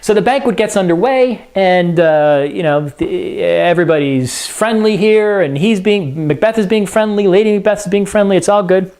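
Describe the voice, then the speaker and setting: A man casually retelling and explaining a story as a lesson, conversational and animated with filler words. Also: high voice, normal speed, hardly any pauses, smooth. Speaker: teacher.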